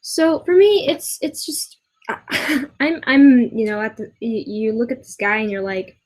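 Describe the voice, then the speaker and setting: Young woman vlogger, fairly high voice, exasperated rant with halting restarts and swearing. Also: poor audio. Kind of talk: ranting commentary video. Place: a room in her boyfriend's house.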